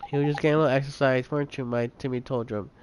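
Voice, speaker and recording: A man's voice: medium pitch, steady tone, racing, noisy background, lightly acted. A man voicing a doting older woman in a game, cooing and motherly over her cat.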